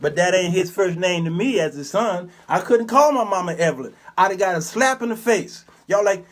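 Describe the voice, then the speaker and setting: A man in his fifties hosting his own show, telling a story in an animated, preacherly way and acting out the people in it. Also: high voice, moderate pace, few pauses. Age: 50s. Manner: preacherly, animated, acts out characters. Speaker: show host. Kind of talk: commentary monologue with storytelling.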